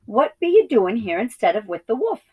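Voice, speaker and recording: A hoarse old ewe with a croaky, rustic voice, bossy yet kindly, pitched higher than the reader's own low tone, as a woman puts her on. Storybook reading. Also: very animated, normal speed, narrow, tinny audio. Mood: gruff.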